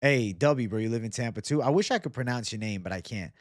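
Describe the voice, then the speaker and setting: A young man runs a casual livestream, reading comments aloud and chatting loosely with frequent swearing and bro-talk. His medium-pitched voice is lively and fast, studio quality with no echo.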